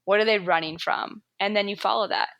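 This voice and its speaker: A woman with an American accent, a yoga instructor guesting on a podcast, talking in an animated way, swearing freely and laughing often. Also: medium pitch, a little fast, no room sound, lo-fi sound. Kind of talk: podcast conversation.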